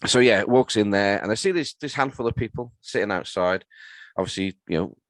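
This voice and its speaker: A low-pitched man describes DJ gigs in a dry, matter-of-fact way. The recording is close, with no room sound. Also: a little fast, fairly bright tone, no room sound. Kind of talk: casual podcast chat.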